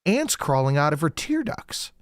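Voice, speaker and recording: A man's voice: a little high, very animated, moderate pace, no room sound, clean studio sound. A man telling a story in casual chat, profane and exasperated.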